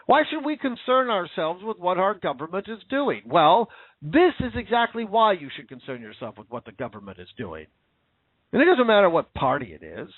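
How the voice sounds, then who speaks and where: Over a tinny, phone-like line with no echo, a man with a high voice rants about politics, heated and sarcastic and cursing as he goes. The commentator's pitch swings widely, and his pace stays moderate.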